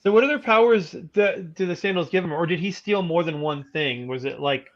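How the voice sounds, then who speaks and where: Man, higher voice, excited pitching, muffled lo-fi mic. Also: brisk. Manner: pitches scenes excitedly, reads text aloud. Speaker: podcast co-host. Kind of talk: casual writers' room brainstorm.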